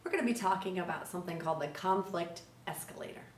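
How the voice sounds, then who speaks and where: Brief woman trainer, lively classroom delivery, quizzes listeners, roomy echo, mic set back. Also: lowish voice, quick pace, a little hiss or hum. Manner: energetic, asks questions, tags "right?". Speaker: conflict resolution trainer. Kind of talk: teaching lesson to children. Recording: echoey room, mic at a distance.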